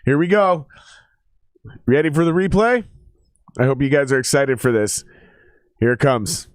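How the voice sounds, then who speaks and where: A man chatting casually on a live stream while watching football, loose and profane, jumping into excited play-by-play. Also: mid-range voice, normal speed, no room sound, clean studio sound. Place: table at home.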